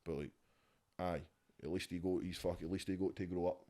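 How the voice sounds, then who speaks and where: Low-voiced Scottish man, profane and blunt. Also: steady tone, brisk, mellow. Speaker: rapper, podcast guest. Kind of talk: casual podcast chat. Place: his home.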